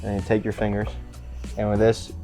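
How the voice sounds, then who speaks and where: A man's voice: on the low side, monotone, a little fast, warm tone, soft background music. A man hosting a casual cooking show, chatty and easygoing as he walks through each step.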